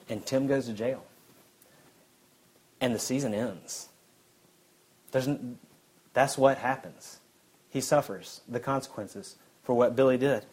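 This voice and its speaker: A man's voice: mid-range voice, slightly rough, rough recording. Conversational man preaching a sermon. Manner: conversational preaching, dropping to quiet intensity. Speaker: pastor.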